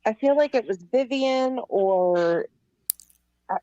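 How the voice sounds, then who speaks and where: A woman's voice: fairly high pitch, animated, slow, mellow, no room sound, lo-fi sound. A woman guest on a livestream panel over a video call, speaking casually and with some swearing.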